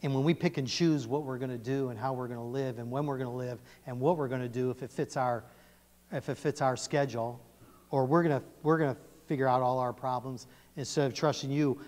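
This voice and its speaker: A male pastor preaching a sermon in a church, animated and emphatic, often quizzing his congregation. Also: medium pitch, fast. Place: church sanctuary. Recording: long church reverb.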